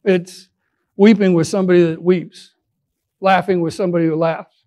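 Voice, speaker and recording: High-voiced male pastor preaching. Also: fairly even intonation, moderate pace, mellow. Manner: earnest, conversational preaching with frequent restarts. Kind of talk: sermon.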